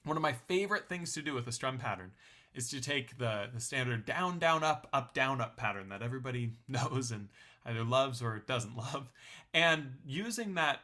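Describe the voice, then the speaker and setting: A man's voice: mid-range voice, lively intonation, moderate pace, bright, forceful tone. A young man teaching a ukulele lesson in a friendly, explanatory way, counting beats aloud. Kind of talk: online music lesson.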